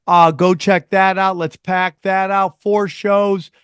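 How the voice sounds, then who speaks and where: A man hosting a podcast in casual, profane, animated chat, riffing and plugging shows. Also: sits high, takes it slowly, clean tone, dry recording, clean studio sound. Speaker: podcast host.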